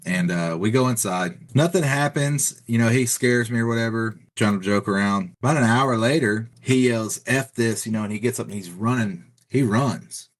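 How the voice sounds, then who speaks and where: A man's voice: medium pitch, moderate pace, hardly any pauses. A middle-aged man from Texas, a podcast guest rambling through a casual story with plenty of "you know" and "like.". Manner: rambling, filler-heavy retelling with many "you know" and "like".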